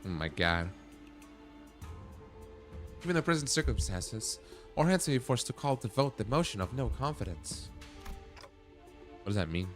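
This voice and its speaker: A man's voice: mid-range voice, big pitch swings, moderate pace, pauses often. A man streaming a game, reading its dialogue aloud and breaking off into blunt, swearing reactions. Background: faint game music.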